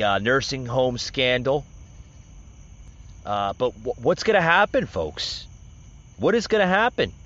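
A man's voice: medium pitch, a bit bright. A man hosting a political podcast, rambling through casual commentary with many filler words and restarts. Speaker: podcast host. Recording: dull lo-fi recording.

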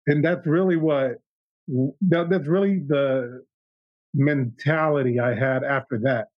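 A man's voice: mid-range voice, steady tone, a little slow, dry recording. Earnest man in his thirties, dull lo-fi sound. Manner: earnest, reflective, with frequent restarts. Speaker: podcast guest. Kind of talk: candid personal storytelling.

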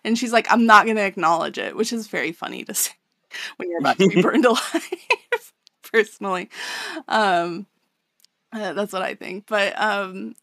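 A woman's voice: mid-range voice, lively intonation, normal speed, long pauses, a bit bright, no room sound, studio quality. A young woman co-hosting a podcast, recapping a manga in loose, profane casual chat and laughing often. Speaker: podcast co-host.

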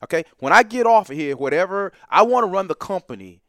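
Man with a higher lively voice, emphatic guest, dry close sound. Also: fast talker, no room sound. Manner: emphatic, animated, bursts into loud laughter. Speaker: professor and podcast guest. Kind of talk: heated podcast discussion.

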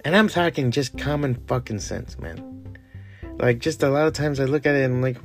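A man's voice: mid-range voice, normal speed, creaky, faint music behind. A man from Miami hosting a solo podcast, ranting bluntly with lots of swearing and exasperation. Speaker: podcast host. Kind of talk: casual solo podcast rant.

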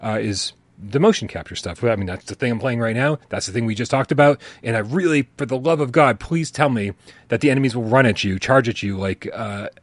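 A man's voice: medium pitch, brisk, no echo. Self-deprecating man on a dry mic. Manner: rambling, self-deprecating, chuckling. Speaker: podcast co-host. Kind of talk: casual live-stream chat.

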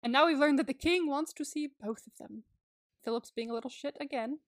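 Young woman, fairly high voice, dry close sound, gushing, laughing often, casual podcast chat. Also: fairly quick, dry recording. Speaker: podcast co-host.

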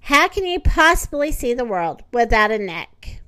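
Storybook figure: a woman voicing a blunt giraffe, slow and certain. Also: a little high, sing-song, pushed and bright, no echo, exaggerated voice. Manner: blunt, matter-of-fact. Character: blunt, lofty female giraffe. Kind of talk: storybook read-aloud.

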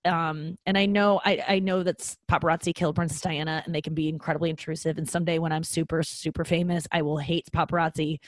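A woman's voice: low voice, little pitch movement, quick pace, hardly any pauses, no room sound. A woman in her thirties, a comedian hosting her own podcast, talking in a candid, rambling, self-deprecating way with some swearing. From American. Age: 30s. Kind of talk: casual solo podcast monologue.

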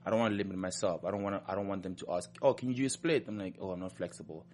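A man's voice: sits low, racing, darkish tone. A man with a non-American accent, a professional dancer chatting as a guest in an interview, upbeat and emphatic, often repeating himself. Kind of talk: casual interview chat.

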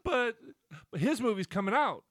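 Male talk show guest, lively up-and-down voice, dry studio sound. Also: very high voice, normal speed, dry recording. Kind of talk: casual studio banter.

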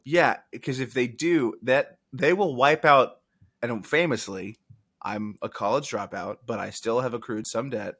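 A man's voice: medium pitch, husky. A young man co-hosting a casual podcast, joking and laughing often as he talks. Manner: joking, animated, quick laughs. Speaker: podcast co-host. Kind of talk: casual chat.

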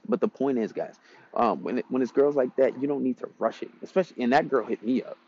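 A man's voice: medium pitch, fast, mellow, muffled recording. A man giving dating advice in a casual, rambling monologue, blunt and profane as he tells stories.

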